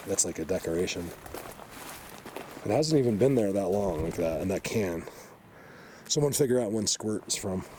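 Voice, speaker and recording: A man with a mellow, lowish voice addresses the camera during a hike in the woods. He sounds excited and emotional, wandering in his talk and frequently restarting, and a little hiss or hum sits under the audio.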